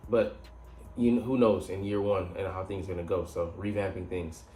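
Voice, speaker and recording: A man's voice: low-pitched, fairly even intonation, moderate pace, warm tone. A man hosting a casual football analysis show, talking in a loose, rambling way with lots of fillers and restarts. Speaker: podcast host. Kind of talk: casual sports analysis monologue. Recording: echoey room with faint background noise.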